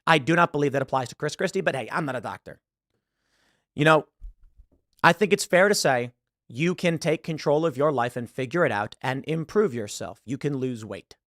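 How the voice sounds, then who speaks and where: A man's voice: mid-range voice, expressive, moderate pace, a bit bright, no echo, studio quality. A man giving emphatic online commentary, often repeating words as he pushes his points. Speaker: political commentator.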